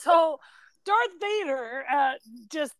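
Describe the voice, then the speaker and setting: A woman's voice: high-pitched, expressive, slow pace, a bit bright, no room sound. A woman co-hosting a podcast with her sister, casually retelling scenes and quoting lines. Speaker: podcast co-host. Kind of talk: casual chat.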